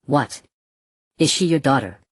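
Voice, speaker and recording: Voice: mid-range voice, expressive, a little slow, husky, no echo. Narrator doing a black-robed slave trader, cruel, mocking, offhand, dry close storybook read. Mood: cold mockery. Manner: casual, scornful, matter-of-fact.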